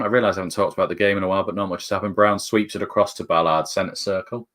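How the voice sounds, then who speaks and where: A man from northern England, with a northern English accent, gives chatty, jokey live fan commentary on a football match. His low, steady, fairly bright voice moves fast and climbs sharply with the action.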